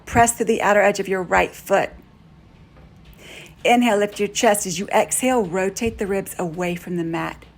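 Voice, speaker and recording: A woman yoga instructor giving calm, steady step-by-step cues through a guided class. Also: mid-range voice.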